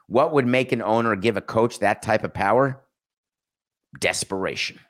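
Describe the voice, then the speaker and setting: A man's voice: on the low side, moderate pace. A middle-aged man hosting a sports talk show, commenting casually with sarcastic, mocking asides. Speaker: sports talk podcast host.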